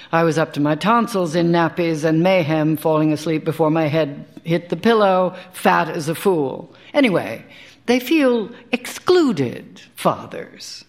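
A woman, an actor, giving a live dramatic reading of a first-person short story, in a wry, conversational way with dry asides. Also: deep voice. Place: live stage performance.

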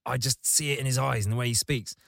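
A man's voice: medium pitch, fairly even intonation, quick pace, vocal fry, a bit bright, dry recording. Sardonic man ranting comedically. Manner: sardonic, crude, rants with vivid insults. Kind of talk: casual comedic chat.

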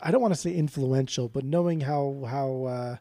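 A man's voice: medium pitch, normal speed, mellow, no room sound, clean studio sound. A man co-hosting a podcast, giving a blunt, profane and rambling review of an album in casual chat. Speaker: podcast co-host.

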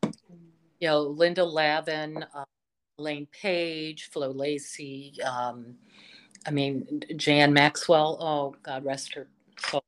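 A woman with a low voice tells stories as a guest on an interview podcast. She speaks slowly and with enthusiasm, filling her pauses with frequent ums and you-knows. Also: fairly even intonation. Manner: enthusiastic storytelling, full of fillers. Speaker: vocal instructor, interview guest. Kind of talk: casual interview chat.

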